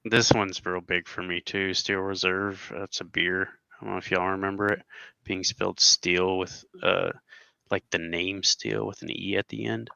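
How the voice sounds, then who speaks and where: A laid-back man in his thirties chatting casually, with a low, gravelly voice. It comes across crisp and bright, but the sound is dry and a little dull. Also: little pitch movement, moderate pace, dry recording. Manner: laid-back, laughing easily. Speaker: co-host reacting to clips. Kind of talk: casual chat.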